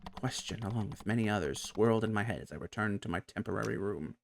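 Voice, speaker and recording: A man's voice: on the low side, fast talker. A man reading a game's story aloud as narrator, stopping to react and chat about it. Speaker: game streamer. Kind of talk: reading a game aloud with commentary. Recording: clear music bed under voice. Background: game music.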